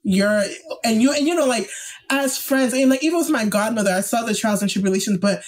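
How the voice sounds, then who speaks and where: A young woman co-hosting a podcast, telling stories in a casual, emotional, animated way with lively quoted voices. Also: fairly high pitch, brisk. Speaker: podcast co-host. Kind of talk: casual chat.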